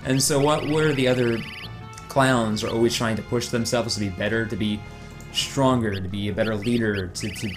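A man in a middle-pitched voice riffs loosely over gameplay, animated and rambling, swearing freely and laughing along the way. Faint game music plays quietly behind him. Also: moderate pace. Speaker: let's play co-host. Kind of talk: casual chat over gameplay.

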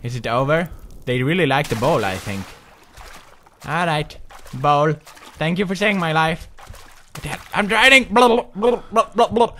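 A man giving goofy, jumpy commentary as he plays a horror game, with sudden loud outbursts. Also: on the high side, animated, unhurried, slight background noise. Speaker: gaming commentator.

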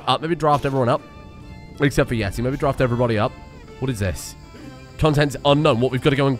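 A man giving excitable, sweary let's play commentary and yelling at the game. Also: medium pitch. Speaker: game streamer.

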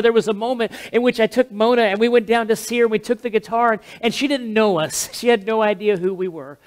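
A talkative male pastor delivers a heartfelt memorial sermon from the pulpit of a church. His voice sits fairly high, and he speaks through an amplified microphone. He is wordy and loud by his own account, often stumbling and restarting his sentences. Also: steady tone, fast, few pauses. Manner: talkative, self-described loud, frequent restarts. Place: church sanctuary. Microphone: amplified handheld or stand mic with monitor.

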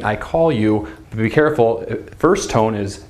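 A man teaching a beginners' Chinese lesson at a whiteboard, talking in an upbeat, direct way and sounding out drill syllables with big swings in pitch. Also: very animated, a little slow, hardly any pauses, a little mellow.

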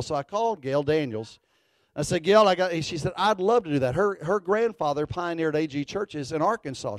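A middle-aged man, a pastor telling a folksy story in a sermon, animated and building to fervent declarations. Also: on the high side, no echo.

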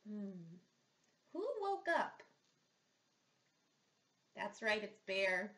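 A woman's voice: mid-range voice, animated, slow pace, pauses often, fairly bright tone. A woman speech therapist reading a picture book aloud to young children, asking them patient, sing-song questions as she goes. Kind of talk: slow read-aloud lesson with questions. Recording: echoey room.

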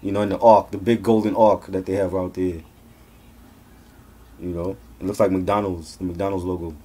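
A man's voice: low-pitched, little pitch movement, normal speed, mellow. A man co-hosting an album review in casual chat, incredulous and joking. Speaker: podcast co-host reviewing an album.

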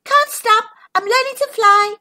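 A woman's voice: very high-pitched, lively intonation, a little slow, bright, forceful tone, pitched above the performer's own voice, heavily acted. A woman voicing a tiny, clumsy, eager young female ladybug, with squealing, breathless exclamations. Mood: flustered.

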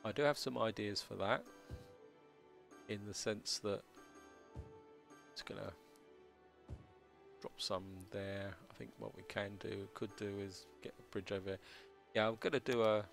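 A man hosting a city-building let's play, talking casually as he plays, with a slightly croaky voice and a halting, stammering way of speaking. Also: fairly low pitch, fairly even intonation, a bit bright, faint music behind. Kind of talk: casual gameplay commentary.

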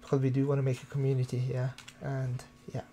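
A young man from the UK chatting casually and quietly with viewers during a game live stream, recorded on a desktop microphone at home. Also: medium pitch, completely flat delivery, fast talker, background noise. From United Kingdom. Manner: talks quietly to keep from waking neighbors at night. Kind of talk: casual live-stream chat while playing. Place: room at home, early morning. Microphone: desktop USB microphone.

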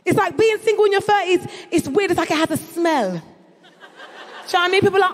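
A woman's voice: very high voice, fairly quick, slight background noise. A woman, performing a brash, bawdy stand-up set on a comedy stage. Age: 30s. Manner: brash, bawdy, punchy delivery. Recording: live venue with long reverb.

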